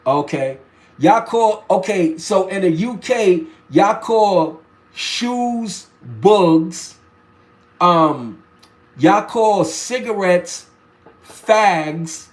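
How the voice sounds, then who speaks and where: This is a man in his forties with a New York accent, hosting a casual live stream and answering his viewers' comments. His voice sits high for a man. He talks loosely, circling back and restarting his sentences. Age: 40s. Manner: rambling storytelling with restarts and slang. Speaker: live stream host reading chat.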